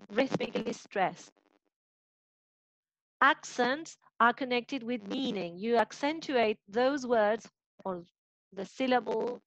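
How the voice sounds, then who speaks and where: A woman with an Argentine Spanish accent teaches phonetics online, talking slowly and patiently in a fairly high voice. Her delivery is clear, and she keeps asking whether the students follow. The call audio is dry and a little dull. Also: no room sound. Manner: patient, explanatory, checks understanding with "right?". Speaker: phonetics lecturer. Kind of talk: online lecture.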